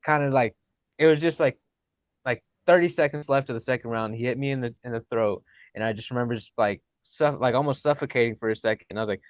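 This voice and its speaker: A man speaks as a podcast guest, winding through his thoughts with fillers and restarts. His voice is mid-pitched and comes through dull and lo-fi. The room sound is dry and close. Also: fast talker, no echo. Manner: rambling, many fillers and self-corrections. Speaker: guest fighter. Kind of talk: casual podcast chat.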